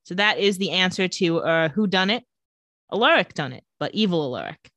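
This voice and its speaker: A woman co-hosting a casual chat, retelling scenes and quoting characters in quick voices. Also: lowish voice, expressive, a bit bright, dry recording. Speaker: podcast co-host recapping a TV episode.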